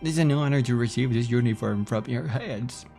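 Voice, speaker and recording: A man's voice: mid-range voice, fairly quick, vocal fry, dark tone, soft background music, pitched above the performer's own voice, close to an everyday voice. A man voicing an earnest, starstruck young woman recruit who speaks in formal, archaic phrases.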